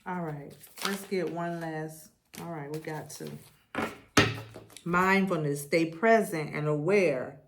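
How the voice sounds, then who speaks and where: A woman speaks in a fairly low voice at an unhurried pace while giving a spiritual tarot reading. She circles back on her phrases and leads the listener through repeated affirmations. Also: background noise. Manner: slow, repetitive, affirmation-style. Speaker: tarot reader.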